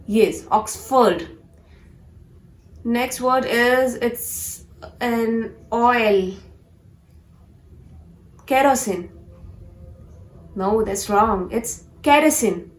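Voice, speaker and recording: A woman runs a pronunciation lesson at an unhurried pace, drilling each word several times. Her voice sits fairly high, and the room around her is echoey. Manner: slow and deliberate, repeating words for practice. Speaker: English pronunciation teacher.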